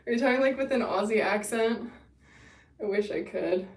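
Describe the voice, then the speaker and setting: Picked up by a distant mic in an echoey room, a young woman hosts a casual livestream and gushes bubbly to her viewers. She is a bit winded from running. Her voice is fairly high, at a normal speed.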